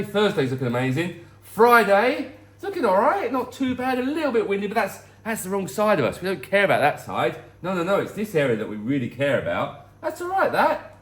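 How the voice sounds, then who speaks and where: A middle-aged man hosting a casual weather vlog, talking in a jokey, rambling way. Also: fairly high pitch. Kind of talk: casual chatty weather update.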